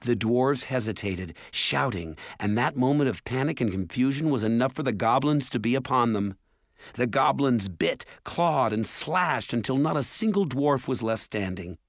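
A man narrating a storybook in a measured, steady way. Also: mid-range voice, no echo, studio quality. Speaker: audiobook narrator. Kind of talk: scripted narration.

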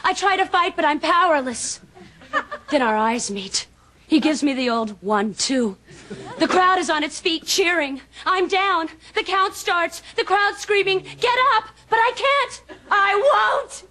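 High, sarcastic neighbor; crisp and prim, loud audience behind. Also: female voice, expressive, unhurried, heavily acted, low-quality recording. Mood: dramatic. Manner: crisp, sarcastic, dramatic storytelling. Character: prim, sharp-tongued sitcom neighbor woman. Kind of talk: sitcom acting. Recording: loud studio audience laughter.

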